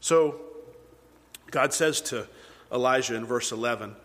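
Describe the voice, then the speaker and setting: A male pastor delivers a sermon in a conversational, earnest manner, retelling scripture like a story for the people in front of him. His voice sits at an ordinary pitch for a man. A long reverb hangs on his voice in a large church hall. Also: a little slow, a bit bright.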